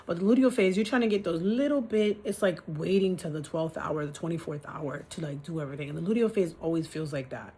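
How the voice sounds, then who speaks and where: A woman's voice: on the low side, quick pace, few pauses, dark tone, breathy edge. Frustrated woman venting in a vlog. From New York City. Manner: frustrated, ranting, swearing. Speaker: vlogger. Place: apartment, indoors.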